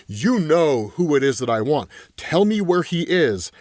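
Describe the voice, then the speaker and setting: A man's voice: a little high, big pitch swings, measured pace, darkish tone, no room sound. A man voicing a grim, vengeful older male gunman in a plain retelling of his lines.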